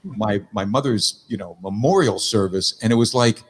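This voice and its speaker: A man's voice: on the low side, moderate pace, husky. A middle-aged man telling stories in a rambling, casual chat, swearing freely.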